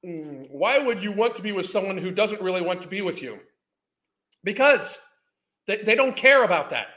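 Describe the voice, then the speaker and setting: A man's voice: sits high, big pitch swings, moderate pace, pushed and bright. Profane, heated man in his fifties. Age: 50s. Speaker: podcast host. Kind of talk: ranting commentary.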